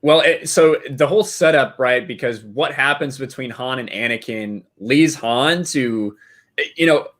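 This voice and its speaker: A man's voice: medium pitch, a little slow, a bit bright. A man in casual podcast chat who thinks aloud, with many fillers like "uh" and "like". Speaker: podcast co-host.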